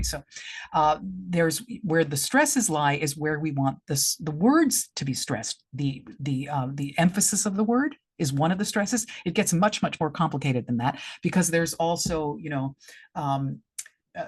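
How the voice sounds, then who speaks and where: A woman's voice: sits low, expressive, moderate pace, slight background noise. A middle-aged woman, a director giving feedback in a vlog, talking through her points with frequent restarts and tapping out beats aloud. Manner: restarts and demonstrates stresses aloud. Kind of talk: explanatory vlog talk.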